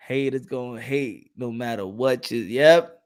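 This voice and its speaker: This man runs a boxing channel and talks on a livestream with casual excitement, laughing and trash-talking in a mid-range voice.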